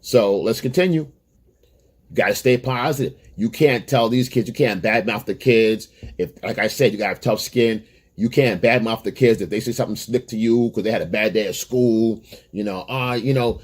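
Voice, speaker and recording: A man's voice: mid-range voice, fairly quick, a little mellow, breathy edge. A man giving dating advice straight to camera, blunt and emphatic, lecturing and repeating his points. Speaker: dating coach. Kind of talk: direct-to-camera advice monologue.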